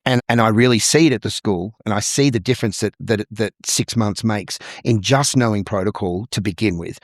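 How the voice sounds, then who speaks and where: Australian man with a low voice. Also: dry recording, studio quality. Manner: thoughtful storyteller who acts out little dialogues. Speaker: guest, musical theatre performer and vocal coach. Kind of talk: casual interview conversation.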